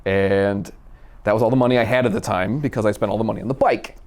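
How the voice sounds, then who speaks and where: A man from Minnesota telling a personal story in a casual, animated way, acting out the dialogue. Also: fairly low pitch, fast talker. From Minnesota, USA. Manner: animated, acts out quoted dialogue. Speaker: storyteller guest.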